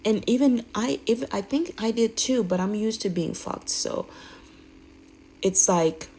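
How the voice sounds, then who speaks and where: A woman's voice: mid-range voice, lively intonation, unhurried, mellow, a little hiss or hum, poor audio. A woman speaking candidly in a rambling, emphatic way, often restarting her sentences. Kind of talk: candid personal monologue.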